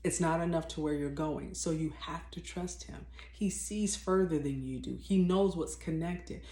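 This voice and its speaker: A woman's voice: low-pitched, normal speed, warm tone. Emphatic woman teaching faith, echoey room. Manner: emphatic, repeats herself, restarts, speaks bluntly. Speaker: faith vlogger. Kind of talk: spontaneous spiritual teaching. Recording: roomy echo.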